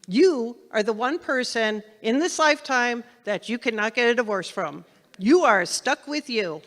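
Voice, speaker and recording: A woman's voice: fairly high pitch, pushed and bright. A woman minister giving a spiritual lesson to her congregation, conversational and repeating phrases for emphasis. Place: spiritual center meeting hall. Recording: long reverb in a hall.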